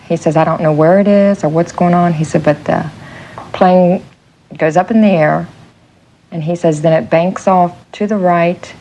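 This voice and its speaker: A woman recounting events in an interview, animated and quoting what was said. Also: on the low side, rough recording. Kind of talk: casual interview recollection.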